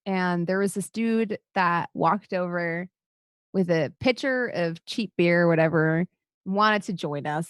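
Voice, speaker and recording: A woman's voice: fairly low pitch, a little slow, smooth, no echo, clean studio sound. A woman in her thirties chatting casually as co-host, candid and swearing freely, laughing often. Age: 30s. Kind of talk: casual chat.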